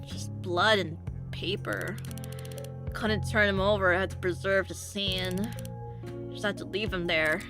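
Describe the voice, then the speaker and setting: A woman's voice: medium pitch, steady tone, measured pace, pauses often, pitched below the performer's own voice, close to an everyday voice. A woman voicing a small, hot-tempered female homicide cop who talks in a blunt, irritable way, with faint music behind. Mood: somber. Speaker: visual novel character.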